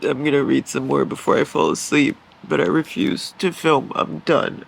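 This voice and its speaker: Dramatic young woman with a gravelly edge. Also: low-pitched, fairly even intonation, normal speed, few pauses, slight background noise. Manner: dramatic, emotional, exaggerated outbursts. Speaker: book vlogger. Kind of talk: casual reading vlog chat.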